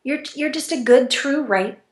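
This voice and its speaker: A woman being interviewed as an intimacy coach. She talks animatedly, with big swings in pitch, and she laughs as she acts out conversations. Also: moderate pace. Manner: animated, wide pitch swings, laughs while acting out dialogue. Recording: echoey room.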